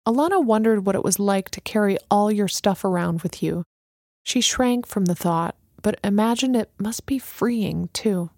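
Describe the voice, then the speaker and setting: In clean, dry studio audio, a woman with a mid-range voice reads a story aloud as audiobook narration, keeping her delivery steady and measured.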